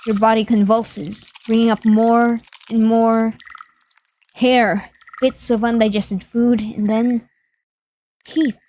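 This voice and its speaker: A woman's voice: on the high side, level tone, slow pace, warm tone, a little hiss or hum, low-quality recording. A young woman streamer reading a horror game aloud in vivid, dramatic narration. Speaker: gaming streamer.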